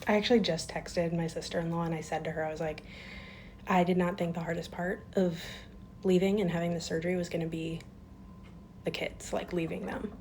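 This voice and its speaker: A woman's voice: lowish voice, flat delivery, brisk, a little mellow, a little hiss or hum. A young woman talking casually to her phone camera at school, emotional and close to tears, with lots of fillers. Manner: chatty, fillers, on the edge of tears. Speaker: school aide. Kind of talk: casual vlog. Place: school classroom.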